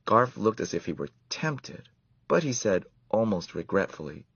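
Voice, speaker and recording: A man reading a children's story aloud in an expressive, measured way. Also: low voice, gravelly, husky, dry recording, dull audio.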